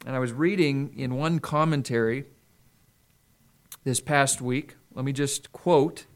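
A middle-aged man preaching a sermon in an earnest way, slowing down for emphasis. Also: medium pitch, steady tone. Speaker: pastor.

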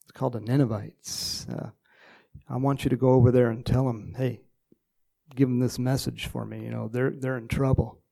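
A man's voice: medium pitch, little pitch movement, moderate pace, gravelly, warm tone. A man voicing God giving an offhand, conversational command in a retold Bible story. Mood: urging. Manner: casual, conversational.

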